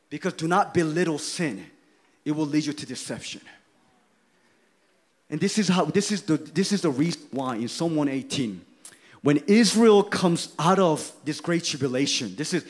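A middle-aged man preaching a sermon with passion, rising to shouts at his peaks. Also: fairly high pitch, animated, normal speed, husky.

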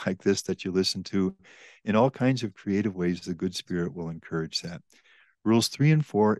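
An older man with a deep, low voice speaks as a priest and author explaining spiritual teaching on a podcast. His delivery is measured, reflective and earnest. The sound is dry and close, with no room echo.

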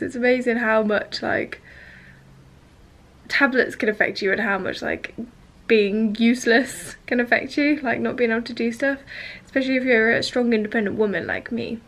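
A young woman from the UK talks to her camera in a loose, rambling vlog, hurting from back spasms and worn out from a sleepless night. Her voice sits a little high, and she fills her sentences with ums and soft laughs. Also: fairly even intonation, normal speed. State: in pain from back spasms, tired and weepy. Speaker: vlogger. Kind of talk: casual personal vlog.

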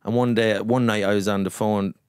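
Brief: Irish comedian, lively storyteller, laughs and swears often, dry studio mic. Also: male voice, lowish voice, brisk, clear, resonant tone, dry recording. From rural Ireland. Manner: animated anecdotes, frequent laughter and swearing. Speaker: guest comedian. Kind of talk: casual storytelling chat.

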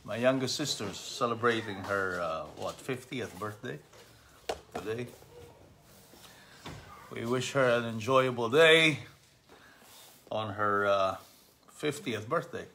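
A middle-aged man, a father, giving a casual commentary on a gospel passage to his family, halting with many fillers and easy chuckles, and asking animated questions. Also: fairly low pitch, slight background noise. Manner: reads scripture aloud, then explains with animated questions.

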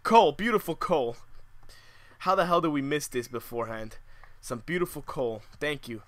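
Bright-voiced young gamer, swearing and shrieking. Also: male voice, a little high, moderate pace, dry recording. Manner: swings from mutters to shrieks, swearing and ranting. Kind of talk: game commentary.

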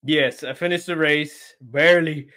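A man, an interview guest, telling a story in casual chat, animated and laughing often. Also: fairly high pitch, unhurried. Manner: animated, acts out quoted voices, laughs often.

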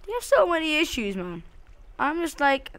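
A woman's voice: sits high, big pitch swings, normal speed, a bit bright. A woman giving casual, jumpy commentary while she plays a game, swearing often and talking to herself and to the game. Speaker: let's play host.

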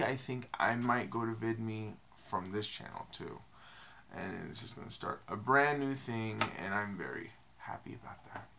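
A man's voice: medium pitch, sharp tone. A young man vlogging to the camera in a casual, rambling, self-deprecating way, with many fillers. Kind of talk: casual confessional vlog.

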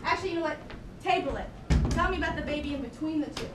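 Brief: woman doing a high-voiced, loud Boston single mom, gushing and swearing, caught from afar in a roomy hall with noise. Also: very fast, natural voice. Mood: flustered. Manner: gushing, brash, repeats herself. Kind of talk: improv comedy scene. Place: theater stage. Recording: roomy distant live stage recording, noisy.

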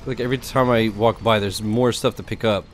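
A man casually commentating his gameplay in a chatty, rambling, excitable way. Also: lowish voice, a little fast, a little hiss or hum. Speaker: gaming streamer. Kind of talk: casual let's-play commentary.

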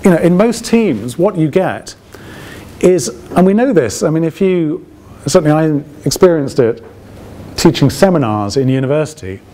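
A man's voice: on the high side, lively intonation, normal speed, warm tone. A man giving an open lecture to alumni in a conversational way, often checking with the audience through rhetorical questions and dry, ironic asides. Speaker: guest lecturer.

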